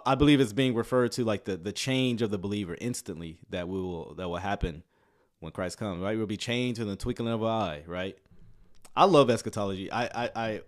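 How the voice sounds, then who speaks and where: A man casually commenting on a church video, joking and talking in a relaxed, slangy way. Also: on the low side. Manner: laid-back, joking, Southern US slang like "y'all".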